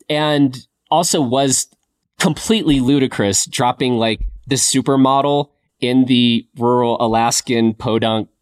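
Man hosting a casual film podcast. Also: mid-range voice. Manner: relaxed, thinking aloud with fillers. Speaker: podcast co-host.

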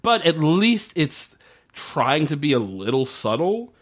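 A man co-hosting a casual podcast chat, sarcastic and quick to laugh, swearing freely. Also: a little high, big pitch swings. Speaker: podcast co-host. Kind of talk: casual chat recapping a TV episode.

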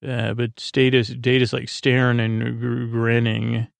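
A man hosting a podcast and giving a casual, halting recap full of fillers, meant to lull listeners to sleep. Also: completely flat delivery, gravelly, no echo. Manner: halting, filler-heavy, low-key mumbling. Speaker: podcast host.

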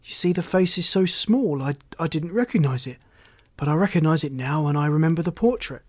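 A man reading the part of an earnest young man returning home, speaking in a lively, emphatic way. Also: fairly high pitch, fairly quick, no room sound, clean studio sound.

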